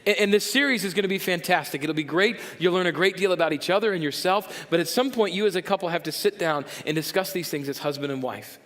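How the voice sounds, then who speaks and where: A man preaching a sermon as pastor, animated and jokey, acting out the voices of people in his congregation. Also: high voice, fast, hardly any pauses, in a large hall. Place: church sanctuary.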